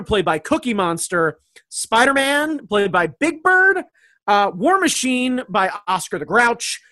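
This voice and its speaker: A man in a casual comedic chat, talking excitedly and rambling, laughing often. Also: high-pitched, dry recording.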